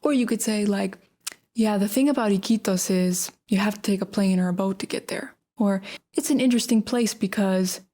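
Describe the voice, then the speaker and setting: A young American woman with a dark-toned, medium-pitched voice hosts a casual English lesson podcast at a moderate pace. Her teaching style is chatty and emphatic, sprinkled with everyday fillers.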